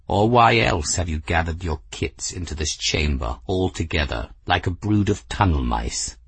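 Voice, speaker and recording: A man's voice: low voice, expressive, moderate pace, vocal fry, fairly bright tone, breathy edge, no echo, full character voice. A man voicing a bold, smug young male cat warrior who speaks in a clipped, assured way.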